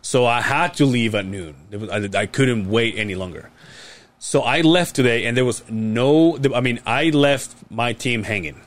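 A man's voice: mid-range voice, moderate pace. A man in his late thirties hosting a podcast, telling a long, rambling story in casual chat and swearing freely. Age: late 30s. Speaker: podcast host.

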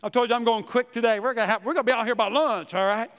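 A man's voice: very high-pitched, racing, long reverb tail. A middle-aged man, a pastor, preaching a sermon in a church, telling funny family stories and acting out the quotes in them. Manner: animated storyteller, acts out quotes.

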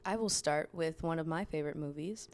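A woman's voice: sits low, a little fast. A young woman co-hosting a podcast, laughing often and rambling through casual retellings. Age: young adult. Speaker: podcast co-host. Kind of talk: casual chat.

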